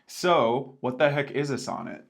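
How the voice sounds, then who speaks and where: A man co-hosting a poetry lesson with wry asides, reading verse slowly and deliberately. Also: medium pitch, sing-song, creaky. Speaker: co-host. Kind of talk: scripted educational banter.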